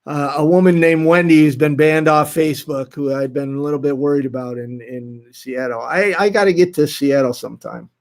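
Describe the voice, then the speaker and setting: A man hosting a live stream, reading out viewer comments in a casual, halting way with frequent restarts. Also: on the high side. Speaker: livestream host reading chat.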